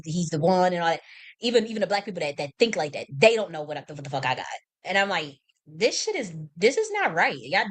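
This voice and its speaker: Woman, from the United States, livestream host, blunt, profane, impassioned, rambling, mid pitch. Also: a bit bright. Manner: rambling with many restarts. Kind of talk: unscripted livestream monologue.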